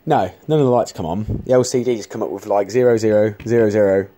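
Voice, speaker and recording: Showing off arcade machines, a male vlogger chats casually to camera in a lowish, mellow voice at a fast clip. He rambles, restarts often, and swears casually.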